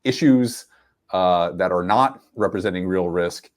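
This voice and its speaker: A man's voice: deep voice, measured pace. A man interviewing a guest in a conference conversation, framing his questions thoughtfully and hesitantly with fillers.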